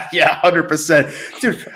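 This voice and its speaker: A man's voice: a little high, pushed and bright, slight background noise. A man hosting a casual interview, talking loosely with lots of swearing and filler words. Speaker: jiu-jitsu gym owner and host. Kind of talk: casual podcast chat.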